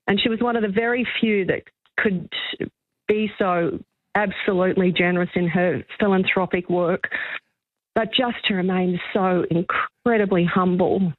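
A woman's voice: mid-range voice, no echo. Woman, 60s, Australian accent, radio caller, effusive storyteller, phone-line audio. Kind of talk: casual chat.

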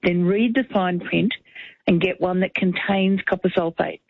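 A woman's voice: lowish voice, steady tone, measured pace, no room sound. A woman, a household cleaning expert, giving matter-of-fact practical advice on radio. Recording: tinny phone-like radio sound.

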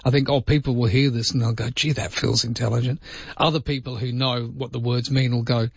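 A middle-aged man with an Australian accent, hosting a casual talk radio show, jokey and animated. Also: mid-range voice, a little fast, creaky, breathy edge, no room sound, lo-fi sound. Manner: jokey, animated, puts on voices. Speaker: radio host.

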